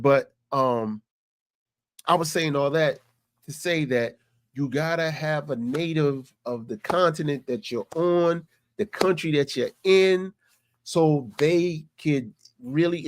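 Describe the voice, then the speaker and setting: A man's voice: on the high side, measured pace, dry recording. Man telling stories in a dry, close voice. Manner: conversational, repeats "you know what I'm saying". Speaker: vlogger. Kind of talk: casual storytelling.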